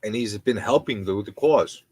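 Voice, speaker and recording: A man hosting a live stream, ranting about landlords in an animated, indignant, repetitive way. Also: lowish voice, normal speed, husky, dry recording, low-quality recording.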